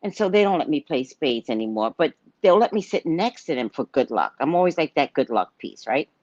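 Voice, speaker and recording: A woman's voice: sits low, animated, a little fast, a little mellow, no echo, lo-fi sound. A woman hosting a psychic livestream in a casual monologue, blunt and given to cursing. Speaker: psychic host of a live show.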